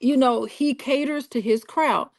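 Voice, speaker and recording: A woman's voice: high voice, a little slow, no room sound, clean studio sound. A woman from Alabama co-hosting, giving frank, opinionated casual commentary. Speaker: co-host.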